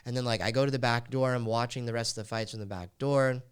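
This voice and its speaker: A man's voice: mid-range voice, fairly even intonation, fast, clear, resonant tone. A man hosting a podcast, telling a personal story in a raw, confessional way full of casual fillers like "like.". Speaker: podcast host.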